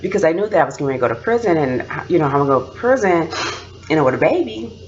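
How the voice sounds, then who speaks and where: A woman with a low voice chats casually about her family, swinging widely in pitch as she tells stories. She laughs often as she talks. The sound is muffled and lo-fi. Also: fast. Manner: animated, laughing storytelling. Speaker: mother and vlogger. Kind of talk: casual storytelling chat.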